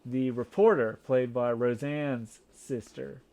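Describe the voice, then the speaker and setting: A man's voice: mid-range voice, fairly even intonation, slow, gravelly, dark tone. A man co-hosting a casual movie review podcast, rambling with many fillers and restarts. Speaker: podcast co-host.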